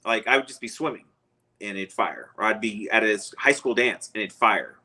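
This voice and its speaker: A man's voice: fairly low pitch, lively intonation, moderate pace, pushed and bright, slightly rough, poor audio. A man, a guest, telling a long personal story in a casual, rambling way and chuckling often.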